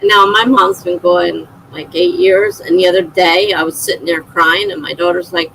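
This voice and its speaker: A middle-aged woman hosts a livestream, chatting casually and laughing often while reading viewer comments aloud. Her lowish voice is pushed and bright at a normal speed, and the poor audio carries a little hiss or hum.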